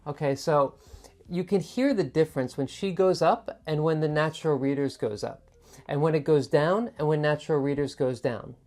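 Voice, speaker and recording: Low-voiced woman coaching speaking skills. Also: normal speed, mellow. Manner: chatty, demonstrates intonation by repeating words. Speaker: TOEFL tutor. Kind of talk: explaining student sample answers.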